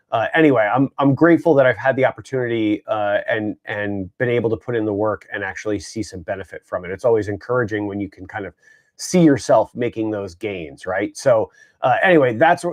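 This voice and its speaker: A man's voice: on the low side, darkish tone. A man co-hosting a casual group chat, talking in an easygoing, rambling way with many fillers. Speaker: co-host.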